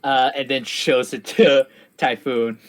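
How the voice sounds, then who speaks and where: A man's voice: mid-range voice, steady tone, takes it slowly. A man playing a tabletop game, speaking in character and out, hesitant and full of fillers. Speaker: player. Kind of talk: casual tabletop play.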